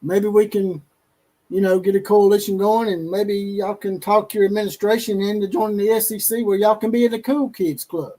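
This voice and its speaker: High-voiced joking man. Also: fairly even intonation, moderate pace, mellow, low-quality recording. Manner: joking, teasing, trash-talking. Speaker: show host. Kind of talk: casual sports talk stream.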